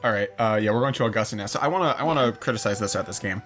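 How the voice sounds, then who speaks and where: A man's voice: fairly low pitch, very fast, fairly bright tone, soft background music. A man casually commentating a video game, critical and ranting. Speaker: let's play co-host.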